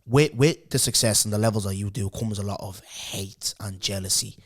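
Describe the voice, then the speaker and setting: A man's voice: lowish voice, normal speed, breathy edge. A man with an Irish accent hosting a podcast, talking bluntly and casually, peppering his talk with "bro" and "do you get me". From Ireland. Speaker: podcast host. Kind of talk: casual chat.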